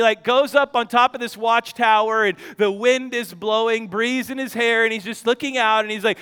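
A man preaching a sermon, reading scripture aloud with animated, joking asides. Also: very high-pitched, normal speed, hardly any pauses, smooth. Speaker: pastor. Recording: long hall reverb.

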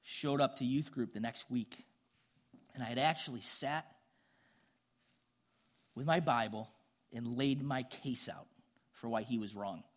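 A man's voice: mid-range voice, unhurried, long pauses. A middle-aged man preaching a sermon, telling a personal story in an earnest, conversational way. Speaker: pastor.

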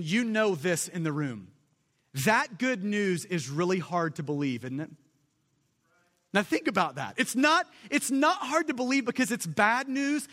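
A man's voice: extremely high pitch, bright, forceful tone. A man preaching a sermon with emphasis, building lists of repeated phrases. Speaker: pastor. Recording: long hall reverb.

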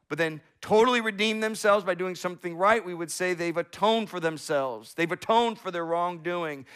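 A pastor in his thirties preaches with earnest conviction, his fairly high male voice leaning hard into key phrases. He slows right down to stress a point, then drops to a hushed, soft delivery. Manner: earnest, swings from emphatic and slow to hushed and soft. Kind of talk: sermon.

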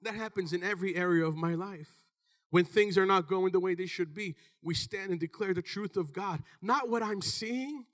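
A man in his thirties preaching a sermon with animated, emphatic delivery. He calls out to the congregation and sometimes breaks into shouts. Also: sits high, moderate pace.

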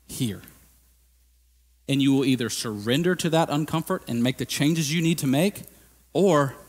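Impassioned preacher in a reverberant hall. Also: male voice, medium pitch. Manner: impassioned, rising to loud emphatic peaks and dropping to quiet; conversational preaching with casual fillers. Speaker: lead pastor. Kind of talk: sermon. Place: church sanctuary.

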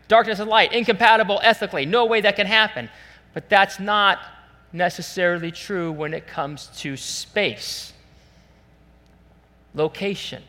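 A man preaching a sermon as pastor, animated and acting out the voices he quotes. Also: sits high, measured pace, pauses often. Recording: long church hall reverb.

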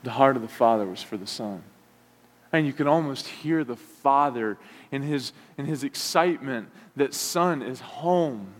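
A man preaching a sermon, retelling a story with lively asides and acting out the characters' complaints. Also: mid-range voice, a little slow. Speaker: pastor. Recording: long hall reverb.

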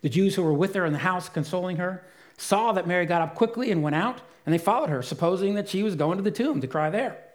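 A man preaching a sermon as pastor, earnest and emphatic, dropping to a soft voice for quiet moments. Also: high voice, lively intonation, fast talker.

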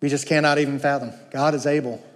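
A man preaching a sermon, emphatic, moving between slow, low passages and raised, urgent ones. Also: level tone, in a large hall.

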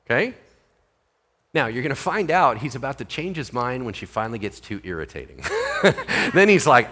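A man's voice: mid-range voice, moderate pace, pauses often, slightly rough. A male pastor preaching a casual, conversational sermon, acting out scenes as he goes. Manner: animated, conversational, acts out scenes.

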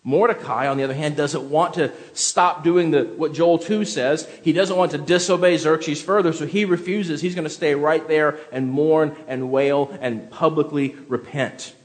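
A pastor preaching an expository sermon in a conversational way, reading scripture aloud and asking listeners to follow along in the text. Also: male voice, a little high, steady tone, normal speed, hardly any pauses, long reverb tail.

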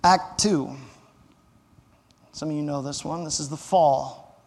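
A man's voice: fairly high pitch, slow pace, gravelly, a little mellow, big-room sound. A man, a pastor, preaching a sermon in a conversational way, asking the listeners rhetorical questions and adding light humor.

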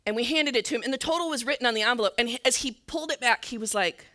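A woman church leader telling a story in a sermon, earnest and sometimes dropping to a soft near-whisper. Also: a little high, racing.

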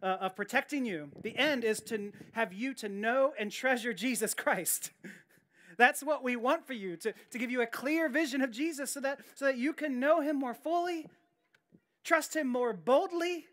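Woman, pastor, sermon, earnest and emphatic, higher-pitched voice, repeats key phrases. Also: animated, a little slow, a bit bright. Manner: earnest, emphatic preaching with repetitions and restarts.

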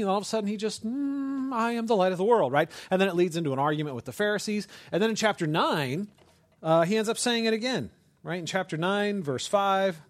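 A man delivering a sermon, his voice sitting a little high for a man. He talks in a relaxed, joking way, tossing out asides and repeated "right?" checks to the congregation. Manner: conversational and humorous, with quick asides and repeated "right?"; hushed, slow prayer. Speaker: pastor.

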